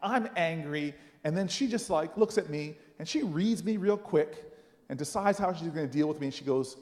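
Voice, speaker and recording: High-voiced man telling a story. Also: normal speed. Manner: animated, dramatic, self-mocking storytelling. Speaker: senator speaking at a rally. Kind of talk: personal storytelling speech. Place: large rally hall. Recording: long reverb from a large hall.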